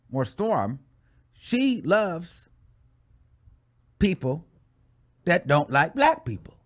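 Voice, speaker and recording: A young adult man hosting a gossip commentary show, animated and dramatic, with sassy asides. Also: high voice.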